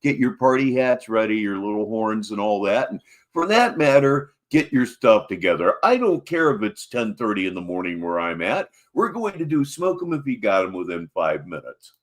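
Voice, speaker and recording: A man hosting a live stream and giving mocking, animated running commentary on clips. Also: lowish voice, moderate pace, few pauses.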